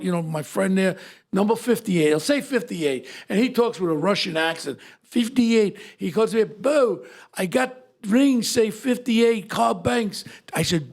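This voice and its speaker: Older ny guy, high gravelly voice, tells stories all animated, podcast host. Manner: animated storyteller, acts out quoted voices. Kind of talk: casual storytelling chat.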